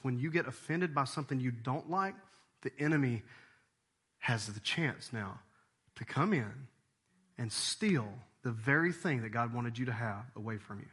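A man preaching a sermon, animated, acting out little voices and jumping up in pitch as he makes a point. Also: slightly rough. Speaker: pastor.

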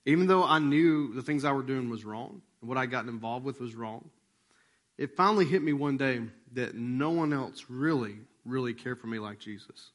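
A male pastor telling a personal story in a sermon, casual and animated. He acts out remembered conversations and drops to a hushed voice for tender moments. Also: medium pitch, moderate pace.

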